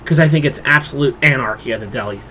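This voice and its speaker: A middle-aged man with a profane, exasperated and animated delivery, ranting in casual podcast chat. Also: medium pitch, fast, a little hiss or hum. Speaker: podcast co-host.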